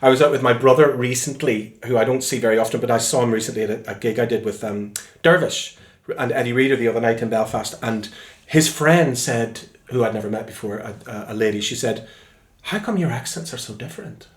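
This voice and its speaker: A singer-songwriter from Northern Ireland, with the accent to match, tells lively anecdotes in a relaxed interview in a room in his home. His male voice is medium-pitched and brisk, and he acts out quoted voices as he goes. The room sounds echoey.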